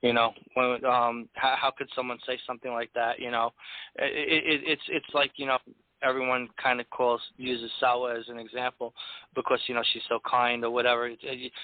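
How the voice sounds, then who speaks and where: A man talks in loose, rambling fashion, filling pauses and restarting his sentences. His voice comes through a tinny, dry phone line. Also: medium pitch, no room sound. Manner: rambling, many restarts and "you know". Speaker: host of a poetry radio show. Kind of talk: casual chat.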